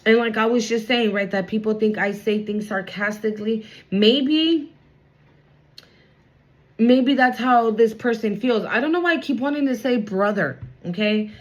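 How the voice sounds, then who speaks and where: A woman's voice: a little high, measured pace, dull audio. A woman giving a casual spiritual card reading to her viewers, chatty and blunt, swearing freely and reassuring them.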